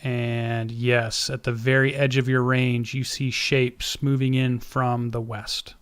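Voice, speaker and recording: A man's voice: mid-range voice, level tone, slow pace, fairly bright tone, smooth. A man running a tabletop game session as game master, narrating in an easygoing way with frequent filler hesitations.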